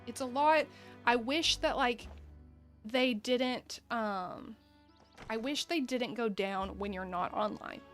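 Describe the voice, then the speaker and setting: A woman's voice: a little high, slow, faint music behind. A woman chatting casually through a game stream, rambling, laughing often and talking to her viewers. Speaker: gaming streamer. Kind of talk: casual gameplay commentary.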